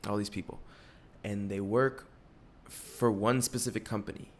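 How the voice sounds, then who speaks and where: A man in his twenties hosting a podcast in casual, profane chat. He gets excitable, laughs often and swings between loud bursts and low mutters. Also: normal speed. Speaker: podcast host.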